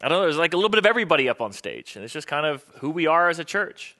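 A man's voice: a little high, big pitch swings, rapid-fire, pushed and bright. A middle-aged man preaching as a pastor, telling chatty personal stories in a sermon. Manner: chatty, storytelling, quotes people in voices.

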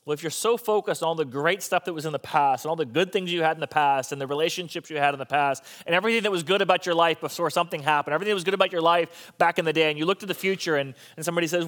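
Man, pastor, sermon, conversational, joking asides, slightly high voice. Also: rapid-fire, few pauses, fairly bright tone.

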